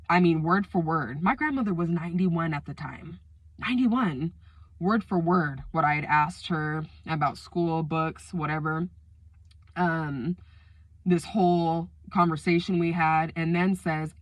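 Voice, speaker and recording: A woman telling a personal story time to her viewers, emotional and animated, acting out the quoted lines. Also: lowish voice, a little slow, no echo. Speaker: storyteller vlogger.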